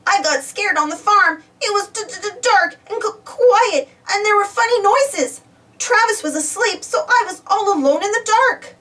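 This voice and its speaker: A woman voicing an excitable young female truck who stammers when frightened, a little away from the mic. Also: high voice, moderate pace, far from the mic, heavily acted. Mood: scared. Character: jittery young female toy-like truck, easily scared.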